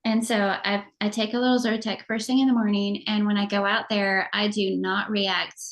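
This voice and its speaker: A middle-aged woman co-hosting a casual chat show, telling animated stories and laughing often. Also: mid-range voice, normal speed. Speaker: podcast co-host.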